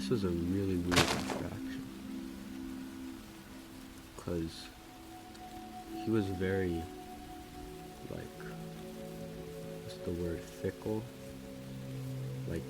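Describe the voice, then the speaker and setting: Deep-voiced man rambling through a story. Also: steady tone, slow, pauses often, low-quality recording. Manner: rambling, lots of filler words. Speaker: gaming video creator. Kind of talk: casual storytelling over gameplay. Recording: music and rain behind voice.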